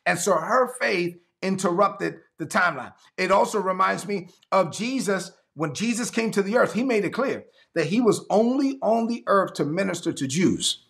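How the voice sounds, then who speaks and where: Guy preaching a sermon, pushy and repetitive, bright gravelly voice. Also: high voice, lively intonation, normal speed, few pauses. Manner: emphatic, repetitive, exhorting. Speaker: pastor.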